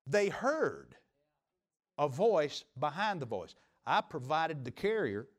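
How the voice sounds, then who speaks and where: A middle-aged man preaching as pastor in a church, building to emphatic peaks and dropping to quiet, confiding asides. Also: on the high side, sing-song, takes it slowly. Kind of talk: sermon. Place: church sanctuary.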